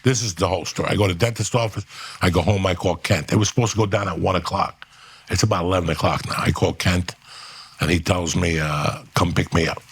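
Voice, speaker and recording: Gravelly deep-voiced man telling a wild story. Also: quick pace. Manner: animated, swearing, acts out other people's lines. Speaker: guest storyteller. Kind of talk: profane anecdote telling.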